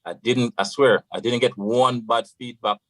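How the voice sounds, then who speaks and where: A man's voice: medium pitch, fairly even intonation, moderate pace, dry recording, rough recording. A Jamaican man, a radio guest, tells a long story in a loose, casual way, slipping into patois and saying "you know" often. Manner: rambling, full of "you know" and patois phrases.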